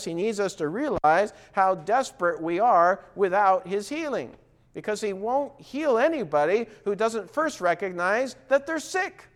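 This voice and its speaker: A male pastor delivering a sermon in a slightly higher-than-usual voice. He preaches earnestly, pushing key lines up with emphasis and slipping into acted-out quotes and conversational asides. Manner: acts out quoted voices in dialogue.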